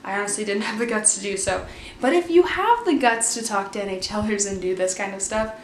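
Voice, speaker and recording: A woman's voice: brisk, reverberant. Young woman rambling through a story, lots of likes and ums, bit of hiss behind. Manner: chatty, lots of fillers, acts out quotes in a higher voice. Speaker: vlogger. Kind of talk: casual storytelling.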